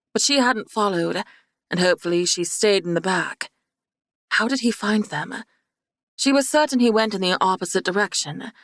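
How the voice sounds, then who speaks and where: A woman narrates a fantasy audiobook in measured, even storytelling. Her voice sits on the lower side for a woman. The recording is dry and close, with no room sound. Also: no echo.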